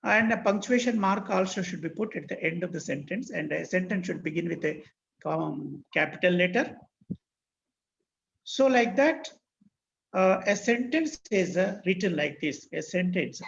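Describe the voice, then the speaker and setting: Indian English man, online teacher: high gravelly voice, spells out terms, dull lo-fi call line with faint hiss. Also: lively intonation, moderate pace, fairly bright tone. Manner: spells words out letter by letter, repeats key phrases. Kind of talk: online class lecture.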